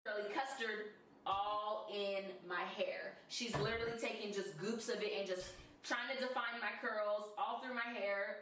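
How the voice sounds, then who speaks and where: A woman's voice: medium pitch, fairly bright tone, a little hiss or hum. A woman narrates her own video clip, explaining things in a plain, matter-of-fact way. Her voice sounds distant from the mic, with a strong roomy echo around it. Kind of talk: vlog narration.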